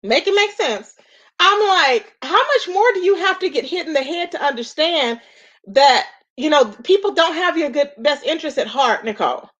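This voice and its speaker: A woman's voice: sits high, fairly bright tone. A woman hosting a live stream, talking with sass and exasperation, asking rhetorical questions and greeting viewers with endearments. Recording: dull lo-fi stream audio.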